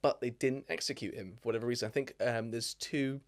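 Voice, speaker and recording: A young man from England walks through history in a relaxed podcast chat, tossing in jokey asides. His voice sits at an ordinary pitch. The recording is dry and close. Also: brisk, no echo. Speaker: podcast co-host.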